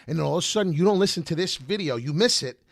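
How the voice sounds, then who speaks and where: A man's voice: on the high side, lively intonation, very fast, gravelly, dry recording, studio quality. A man hosting a crypto trading livestream, talking in a preachy, rambling way to his viewers. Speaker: crypto trading show host.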